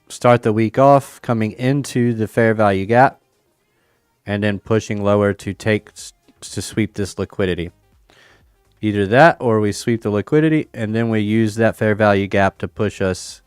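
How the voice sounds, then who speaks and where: A man's voice: lowish voice, unhurried, clear, resonant tone, no room sound, studio quality, soft background music. A man streaming casually, thinking aloud about crypto charts and a chess game, with playful banter. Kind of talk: casual livestream chat over charts and chess.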